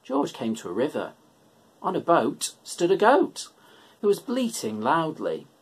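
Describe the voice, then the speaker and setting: Male children's worship leader reading a storybook aloud; husky, slow, gentle. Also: a little high, huge pitch swings.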